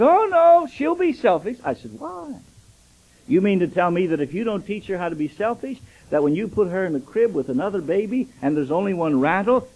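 Animated older male preacher, husky voice. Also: on the high side, rough recording. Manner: animated storytelling preacher, acting out dialogue. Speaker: pastor. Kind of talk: sermon.

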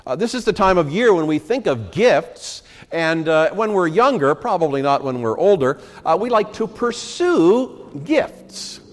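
A middle-aged pastor delivers a Sunday sermon with a fairly high voice, earnest and unhurried, dotted with "uh" as he explains the passage. His words ring out with the long reverb of a church hall. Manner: earnest, with many "uh" fillers. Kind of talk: sermon with scripture reading. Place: church sanctuary.

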